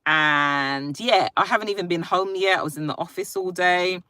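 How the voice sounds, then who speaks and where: Lowish voiced mum chatting on her phone live, super dry close sound, greets everyone by name. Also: normal speed, no room sound. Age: adult, a parent. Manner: chatty, warm greetings to each viewer, free-flowing. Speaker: live-stream host. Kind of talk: casual chat reading viewer comments. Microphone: phone live stream.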